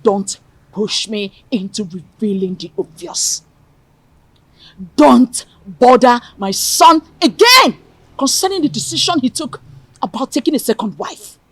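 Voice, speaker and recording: A woman's voice: medium pitch, a little slow, breathy edge, no echo. An actress with a Nigerian accent playing a stern widowed mother who warns her late husband's brother. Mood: threatening. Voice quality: commanding, warning tone.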